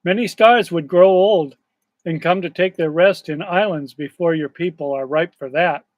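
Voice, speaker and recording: A man reading aloud as a great, wise and gentle male lion, speaking in a calm, solemn way. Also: fairly high pitch, normal speed, no room sound, natural voice.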